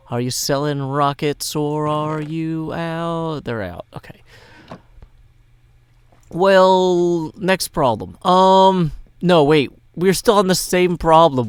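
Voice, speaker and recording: A man's voice: fairly high pitch, no room sound. A man from Tennessee, chatting playfully and wordily over a Minecraft game, with theatrical asides. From Tennessee, USA. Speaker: Minecraft YouTuber. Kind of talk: casual gameplay commentary.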